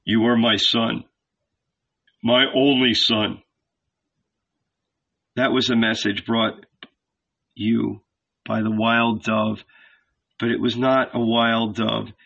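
A man doing a calm, commanding archangel. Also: mid-range voice, vocal fry, exaggerated voice. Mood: insistent. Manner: measured, commanding, persuasive. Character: calm, insistent male archangel, inner voice. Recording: dull lo-fi recording.

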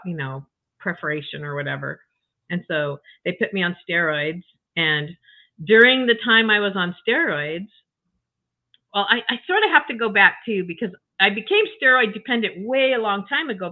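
A woman's voice: on the low side, normal speed. An older woman telling her health story in a chatty, emotional way as an interview guest, full of restarts and asides. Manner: chatty, emotional, frequent you-knows and restarts. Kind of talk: casual personal story. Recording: tinny phone-like call audio.

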